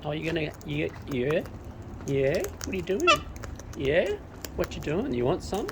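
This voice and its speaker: A woman talks to wild birds in a slow, low voice that swoops wildly up and down in coaxing baby talk. Clear outdoor noise sits behind her. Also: big pitch swings. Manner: coaxing sing-song baby talk to animals. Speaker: bird feeder filming wild birds. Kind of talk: talking affectionately to birds while feeding. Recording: noisy outdoor recording.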